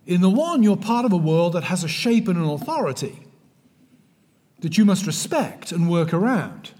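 Speaking in a high, very animated voice, this middle-aged West Country Englishman gives a sermon-like lecture. He's measured and emphatic, and his voice sinks almost to a whisper on the important words.

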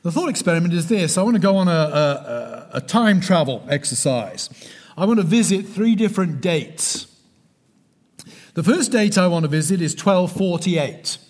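A middle-aged man from the West Country of England with a West Country accent, giving a measured, emphatic sermon-style lecture that sinks to a hush on key words. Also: high voice, lively intonation. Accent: West Country English.

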